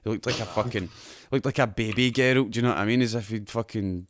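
A man's voice: on the low side, quick pace, no room sound, studio quality. A Scottish man hosting a podcast, chatting casually with friends about games and shows, swearing and laughing often. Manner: sweary, laughing, banter-heavy. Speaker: podcast host. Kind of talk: casual gaming chat.

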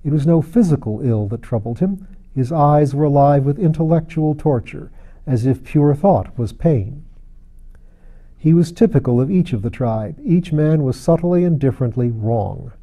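A man narrating a classic novel as an audiobook reader, in a measured, steady storytelling manner. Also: a little high.

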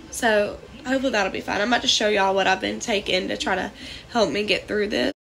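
A woman's voice: medium pitch, vocal fry, fairly bright tone. A young woman, sick and congested, rambling in a scattered way with many fillers in a casual vlog from her trailer. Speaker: vlogger. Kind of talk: casual talk to camera. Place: small trailer indoors.

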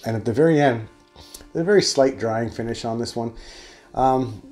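A man's voice: mid-range voice, moderate pace, a little mellow, soft background music. A man giving a chatty, rambling solo beer review.

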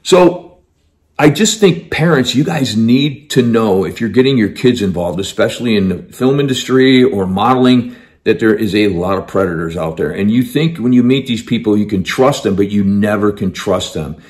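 A man's voice: fairly low pitch, normal speed, darkish tone. A man telling a personal story in an emphatic, conversational way.

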